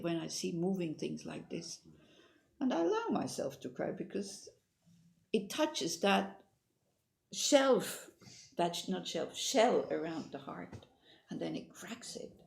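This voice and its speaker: Woman meditation teacher, lowish gravelly voice, rambling storytelling. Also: darkish tone. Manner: informal, meandering, with frequent restarts. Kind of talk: dharma talk with storytelling.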